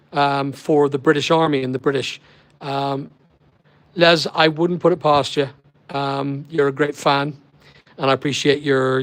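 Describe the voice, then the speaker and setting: A man's voice: fairly high pitch, dry recording, poor audio. A middle-aged man with a Northern Irish accent chatting on a live stream, rambling and answering viewers' comments as he goes. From Northern Ireland. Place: holiday lodging abroad. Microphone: laptop or phone on a weak connection.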